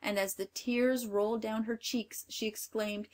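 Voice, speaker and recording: A woman narrating a fairy tale aloud, with measured, expressive storytelling. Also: a little high.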